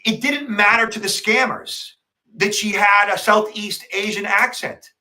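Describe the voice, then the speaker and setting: High, bright-voiced man telling a story. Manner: animated storytelling, quick and emphatic. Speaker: podcast co-host, security expert. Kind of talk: casual podcast conversation.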